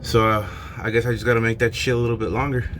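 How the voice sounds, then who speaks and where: A man's voice: mid-range voice, flat delivery, fast talker, a bit bright, a little hiss or hum. A man chatting casually and rambling with lots of swearing as he vlogs his own car exhaust repair, mocking himself along the way. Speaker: DIY car vlogger. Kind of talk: casual vlog narration while working on a car.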